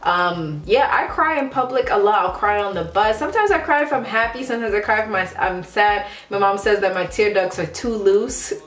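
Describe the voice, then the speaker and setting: A woman's voice: medium pitch, lively intonation, normal speed, few pauses, a bit bright. Young woman vlogger, chatty and frank, mid-range voice, roomy echo. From United States, Ghanaian family. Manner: chatty and candid, many "like" fillers. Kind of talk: casual confessional vlog. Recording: roomy echo, faint background music.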